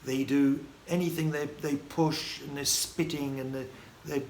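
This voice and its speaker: A man from the United Kingdom telling his life story in a casual, halting vlog monologue full of restarts and fillers. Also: a little high, level tone, a little mellow. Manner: rambling, halting, many restarts and fillers, chuckling. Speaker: vlogger. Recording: echoey room with faint ambient noise.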